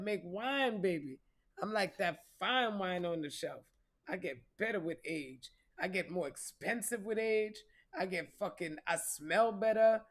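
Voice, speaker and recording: A woman's voice: mid-range voice, a bit bright. Profane, preachy woman doing a spiritual reading. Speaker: spiritual reader.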